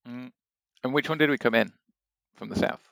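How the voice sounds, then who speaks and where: A man's voice: medium pitch, a little fast, gravelly, a bit bright, no room sound. A young man co-hosting a casual game session with friends, joking around and laughing often. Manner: playful, laughs often, swears when frustrated. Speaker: game co-host. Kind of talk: casual let's-play chat.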